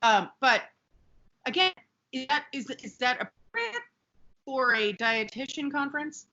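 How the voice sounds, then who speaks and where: A woman's voice: high voice, expressive, a little slow, sharp tone, muffled recording. A woman co-hosting a podcast, chatting casually and animatedly about a sitcom episode, with profane asides. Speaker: podcast co-host. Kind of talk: casual recap chat.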